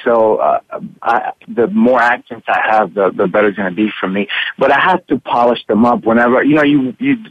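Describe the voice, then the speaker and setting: An actor being interviewed by phone from his room, talking haltingly with many restarts and repeated words. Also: medium pitch, husky. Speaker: actor guest. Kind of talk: candid interview over the phone. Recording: tinny dry phone line.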